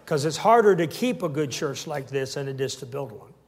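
A man's voice: fairly high pitch, lively intonation, fairly quick. A man in his sixties preaching a sermon with call-and-response and humorous asides. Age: 60s. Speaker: pastor.

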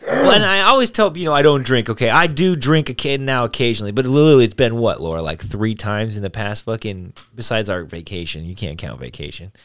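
Bright, lively man cursing casually. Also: medium pitch, a little fast, dry recording. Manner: profane, animated storyteller. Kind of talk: casual chat.

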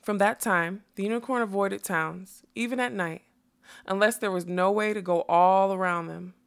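A woman narrating a fantasy story aloud in a soft, measured reading voice. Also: medium pitch, vocal fry, clear, resonant tone. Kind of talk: audiobook narration.

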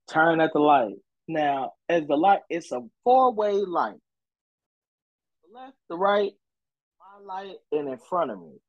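A young man co-hosting a podcast tells a long story in loose, profane chat. His voice sits a little high and swings widely, jumping up when he acts out what people said. The sound is close and dry, with no room around it. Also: slow pace, no echo, dull audio. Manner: animated, profane, acts out quotes in a higher voice. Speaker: podcast co-host.

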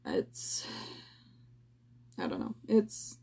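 A tired young woman hosting a personal podcast, venting in a slow, halting way with sighs and stammers, her voice low and close to tears. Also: dark tone. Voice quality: low, gravelly voice. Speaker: podcast host.

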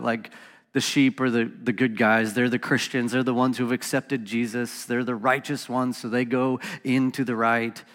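A man's voice: medium pitch, fairly bright tone, big-room sound. A man hosting a reflective Bible study talk, reading scripture passages aloud in an earnest voice with casual asides. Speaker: podcast host teaching on scripture.

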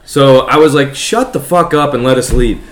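Young man, casual storyteller, heavy swearing, frequent laughs, mid-pitched, roomy echo. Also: normal speed, fairly bright tone. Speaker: podcast co-host telling a story.

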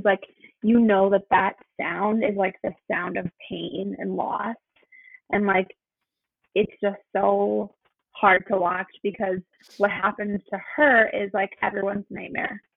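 A woman's voice: medium pitch, creaky, husky, no echo. A woman in casual film talk, animatedly retelling scenes and acting out the lines. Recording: tinny phone-like line.

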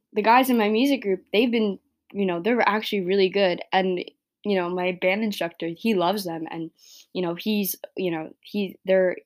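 A teenage girl rants alone on her podcast, stumbling through her sentences, restarting them and trailing off. Her voice sits at an ordinary middle pitch for a young woman. She sounds openly emotional and unguarded throughout. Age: late teens. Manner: rambling, self-interrupting, emotional. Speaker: podcast host. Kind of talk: casual solo rant.

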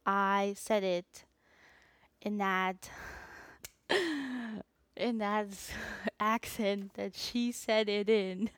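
A woman chats on her solo podcast in a loose, rambling way. She drifts between thoughts and trails off. Her voice sits at an ordinary pitch, recorded dry and close with no room sound. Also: very slow, pauses often, a bit bright, no room sound. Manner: rambling, self-aware, chatty with frequent asides. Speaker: podcast host. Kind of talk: unscripted solo podcast chat.

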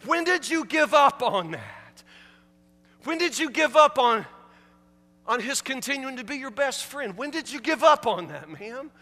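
A male pastor delivers a sermon in a strikingly high, bright voice. He hammers at his listeners with repeated rhetorical questions. His words ring out with a long reverb, as in a large church sanctuary. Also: big pitch swings, unhurried. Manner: emphatic, repetitive rhetorical questions.

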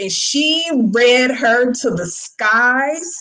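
Animated woman teacher telling stories. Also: fairly high pitch, unhurried, poor audio. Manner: animated, acts out quotes in raised voices. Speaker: high school senior teacher. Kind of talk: casual storytelling talk.

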